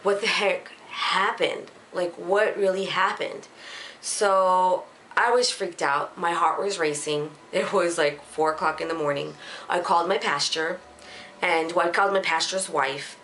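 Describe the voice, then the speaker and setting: Woman, young adult, earnest personal story, emotional, halting restarts, lower voice. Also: fairly even intonation, fairly bright tone, slight background noise.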